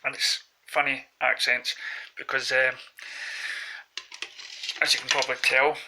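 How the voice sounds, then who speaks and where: A Glaswegian man from Scotland rambles through casual anecdotes to the camera as a vlogger. His voice sits at medium pitch, with a level tone and a measured pace, and there's background noise.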